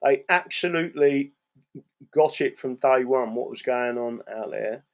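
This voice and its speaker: A man's voice: medium pitch, measured pace. An English man hosting a live stream, talking bluntly, swearing and tagging his lines with "right?". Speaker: channel host reading live chat. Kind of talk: casual live-stream monologue.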